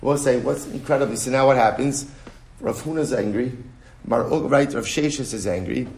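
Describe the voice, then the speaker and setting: A man teaching a text study lesson in an animated way, full of rhetorical questions. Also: mid-range voice, normal speed. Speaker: Talmud teacher. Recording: roomy echo.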